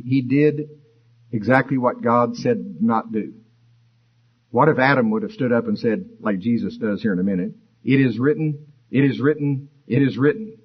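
Husky-voiced man preaching a sermon. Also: fairly low pitch, lo-fi sound. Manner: expository, conversational, rises for emphasis.

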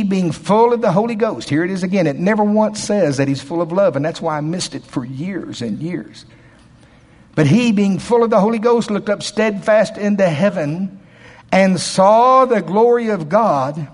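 A man preaching a sermon in a folksy, emphatic way, dropping to quiet asides and rising to loud, shouted passages. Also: high-pitched, expressive, unhurried. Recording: long hall reverb.

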